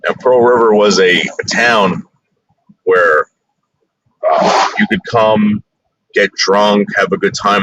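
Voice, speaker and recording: A man's voice: on the low side, slow, pauses often, fairly bright tone, lo-fi sound, a little hiss or hum. A man from the New York area, bluntly narrating a casual tour in a rambling, crude way. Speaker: vlogger.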